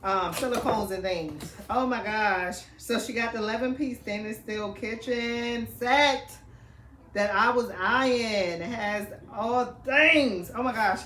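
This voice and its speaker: A woman vlogging from home as she unboxes gifts, chatty and excitable, calling her viewers y'all. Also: a little high, slow pace, reverberant, noisy background. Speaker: family vlogger. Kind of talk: casual unboxing vlog. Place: home, indoors.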